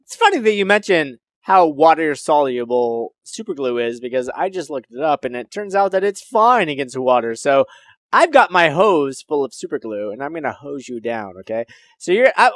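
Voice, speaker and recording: A man in a playful debate, boasting and taunting his opponent in an animated way. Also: on the high side, no echo. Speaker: debate contestant. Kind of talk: playful trash-talk debate.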